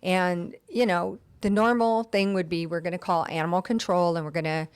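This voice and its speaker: A woman who works as a county deputy, a guest on a talk show, telling warm and heartfelt stories from her work. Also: fairly low pitch, steady tone, normal speed, smooth. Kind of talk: storytelling in an interview.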